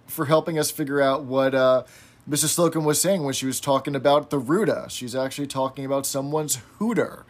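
A man's voice: medium pitch, fairly even intonation, a little fast. A man co-hosting a podcast in casual chat, easygoing and wry, steering the talk along. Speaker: podcast co-host.

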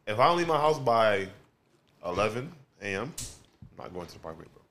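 Relaxed low-voiced young man telling stories. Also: a little hiss or hum. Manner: relaxed, drawn-out storytelling, laughs often. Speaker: podcast co-host. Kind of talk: casual chat.

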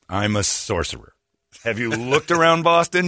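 Bright-voiced radio guy roasting people, lively swoopy delivery, dry studio sound. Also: mid-range voice, no echo. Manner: mocking, quick with jokes. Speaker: radio show host. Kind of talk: comedic radio banter.

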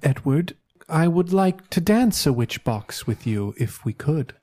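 A man's voice: on the high side, animated, darkish tone. A man voicing a gracious, genteel lady asking for a dance in formal words. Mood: courteous. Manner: slow, formal, courteous.

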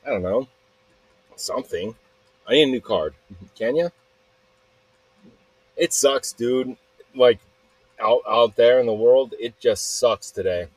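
Rambling, profane man with a husky voice. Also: medium pitch, measured pace, pauses often, dry recording, poor audio. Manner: rambling, profane, self-interrupting. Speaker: podcast host. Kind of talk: rambling solo podcast monologue. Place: outdoors.

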